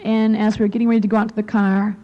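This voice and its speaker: A young adult woman giving an earnest devotional talk to women, often dropping to a soft near-whisper for emphasis. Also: mid-range voice, level tone, very fast, highs cut off. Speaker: women's conference speaker.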